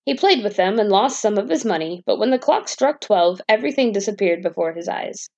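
Gravelly-voiced woman reading a bedtime story. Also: medium pitch, brisk, highs cut off. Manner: calm, even storybook narration.

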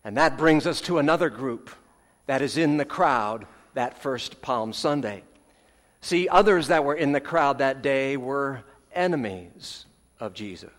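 A man's voice: medium pitch, lively intonation. Preaching man in a reverberant sanctuary. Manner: earnest preaching with dramatic pauses, trailing off softly at phrase ends; folksy asides. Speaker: pastor. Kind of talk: sermon. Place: church sanctuary. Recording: long hall reverb, church sanctuary.

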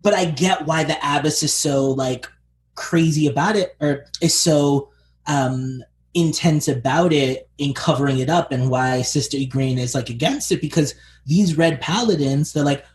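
A man's voice: a little high, moderate pace, slight background noise. A man co-hosting a podcast, chatting casually about a TV series, peppering his talk with fillers. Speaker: podcast co-host.

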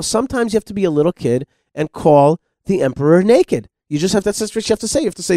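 Brief: middle-aged man, radio host, fired-up and insistent, fairly high voice, dry close sound. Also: very animated, fast talker, few pauses, mellow, no room sound. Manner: impassioned, insistent, repeats words when worked up. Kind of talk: heated radio discussion.

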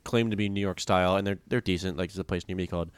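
A man's voice: sits low, fairly even intonation, rapid-fire, smooth, no echo. A young man co-hosting a casual podcast, rambling and cutting himself off as he tells a story with a joking edge. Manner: rambling, self-interrupting, jokey. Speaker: podcast co-host. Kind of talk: casual chat.

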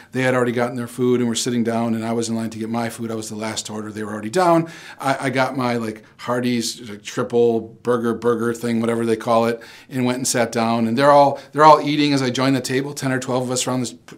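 A middle-aged man preaching as a pastor in a relaxed, storytelling way, with a voice of ordinary male pitch. He turns to his listeners with questions and often stumbles over repeated words as he starts a thought. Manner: asks the listeners direct questions. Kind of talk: conversational sermon.

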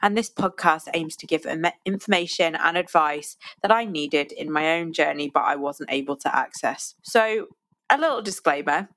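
A woman's voice: low voice, moderate pace, fairly bright tone. A young woman hosting a podcast as a recovery coach, talking casually with fillers, her voice nasal from a cold. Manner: chatty, self-deprecating, with fillers and restarts. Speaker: eating disorder recovery coach and podcast host.

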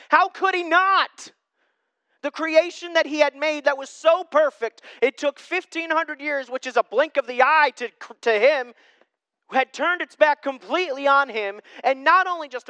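A young man preaching a sermon as a pastor, conversational and self-deprecating, with lively asides. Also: very high voice, normal speed, dry recording.

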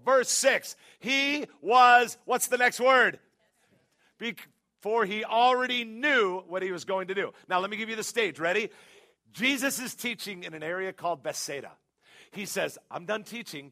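Male preacher, high voice, gravelly, bright tone, animated storytelling sermon. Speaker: pastor.

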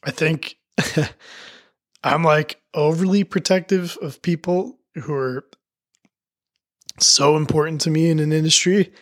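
A man's voice: on the high side, fairly even intonation, unhurried, long pauses. A middle-aged man giving a rambling, heartfelt intro monologue as a podcast host, swearing freely and full of fillers and restarts. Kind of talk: emotional spoken intro monologue.

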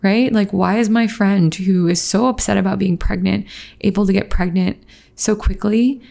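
Woman in her 30s, earnest and teary, talking straight to her viewers, bit of vocal fry, soft dark tone. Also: mid-range voice, fairly even intonation, moderate pace. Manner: earnest, emotional and open. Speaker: vlogger. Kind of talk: personal reflective talk to camera.

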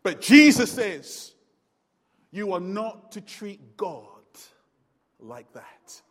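A man preaching a sermon, swinging between loud emphatic lines and low, quiet ones. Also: expressive, slow. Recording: long hall reverb.

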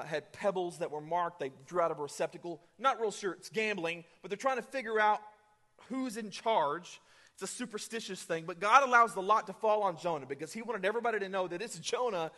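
A man preaching a sermon, reading scripture and speaking with energetic, conversational asides. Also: sits high, in a large hall. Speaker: pastor.

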